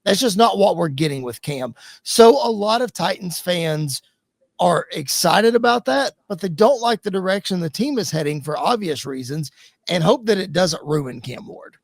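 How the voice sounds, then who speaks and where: A man's voice: sits high, expressive, moderate pace, vocal fry, dry recording. A man appearing as a guest podcast host, giving earnest sports analysis and repeating his key points.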